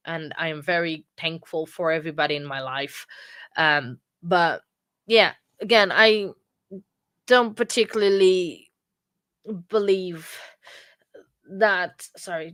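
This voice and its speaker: A woman hosting a true crime livestream, talking casually with many pauses, fillers and restarts. She moved to England from abroad. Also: fairly low pitch, a bit bright. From from outside England.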